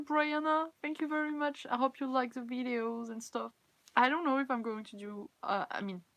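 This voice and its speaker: A woman's voice: medium pitch, a bit bright, no echo. A tired young woman with a French accent, a native French speaker, chatting casually on a live stream. She giggles often, reads viewers' comments aloud, and runs herself down. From France. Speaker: cosplay livestreamer.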